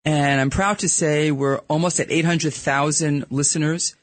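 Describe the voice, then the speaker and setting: A man's voice: on the high side, fairly even intonation, moderate pace, no room sound. A middle-aged man with a Brooklyn accent, speaking as a guest on a radio show in a candid, chatty way. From New York. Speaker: guest, real estate podcaster. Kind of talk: casual radio interview chat. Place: radio studio.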